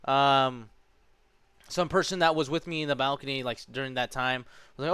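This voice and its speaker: A man's voice: mid-range voice, moderate pace, a bit bright, smooth, no room sound. A man in his twenties telling a story in a casual vlog, rambling along with lots of fillers and calling the listener dude and man. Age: 20s. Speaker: vlogger.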